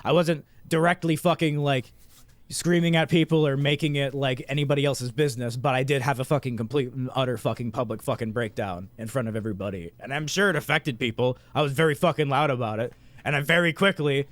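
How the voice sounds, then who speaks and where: A man's voice: medium pitch, fast, no room sound. A man co-hosting a podcast, talking in casual chat and venting with heavy swearing. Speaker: podcast co-host.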